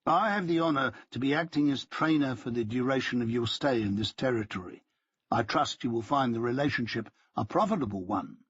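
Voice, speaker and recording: A man's voice: mid-range voice, a little fast, fairly bright tone, slightly rough, lo-fi sound. A man voicing a wry, formally polite middle-aged male spy handler who calls his listener sir. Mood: dry, courteous. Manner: formal, dryly ironic, addresses listener as sir.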